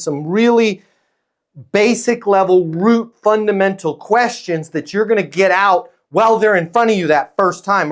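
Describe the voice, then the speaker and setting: A man coaching a live audience on sales, energetic and direct, repeating his key lines. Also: sits high. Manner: energetic, acts out sales calls.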